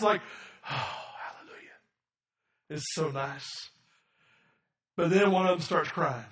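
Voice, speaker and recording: Preacher swinging from low murmurs to shouts. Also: male voice, recorded from a distance. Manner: swings from soft and low to shouted emphasis, calls for amens. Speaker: pastor. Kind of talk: sermon. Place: church sanctuary. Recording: echoey room from off the mic.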